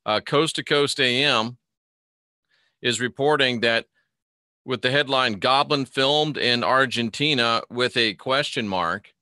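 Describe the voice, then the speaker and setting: Man, live stream host, bright forceful voice, rambling commentary, reads news aloud, dry close sound. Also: mid-range voice, slow, no echo. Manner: rambling, greets chat viewers by name mid-sentence. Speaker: host of a live Christian online show.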